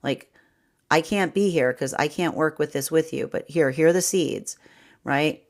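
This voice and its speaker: Woman, low voice, tarot reader, rambling, acts out little inner voices, laughs a lot. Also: measured pace. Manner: rambling, animated, voices imagined inner thoughts; laughs often. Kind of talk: livestream tarot reading.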